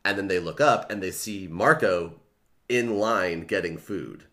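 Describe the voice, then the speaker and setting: A man's voice: sits low, unhurried. A man hosting a podcast, casually recapping a book's plot with lots of "like" and swearing. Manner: relaxed storytelling, peppered with "like" and swearing. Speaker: podcast host. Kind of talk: casual book recap chat.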